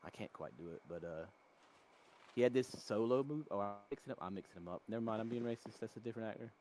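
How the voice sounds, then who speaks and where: Low-voiced man telling rambling stories. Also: fast, darkish tone, a little hiss or hum. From North Carolina. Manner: rambling, tangent-prone storytelling. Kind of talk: casual chat.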